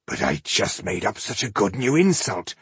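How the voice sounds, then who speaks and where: A man voicing a gruff, hot-tempered male dwarf warrior who hurls insults and curses. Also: on the low side, big pitch swings, normal speed, a bit bright, dry recording, full character voice. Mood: rueful.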